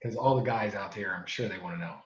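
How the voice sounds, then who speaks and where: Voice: low voice, quick pace. Laid-back co-host in a dull roomy recording. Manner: laid-back, lots of agreeing murmurs. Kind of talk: casual chat.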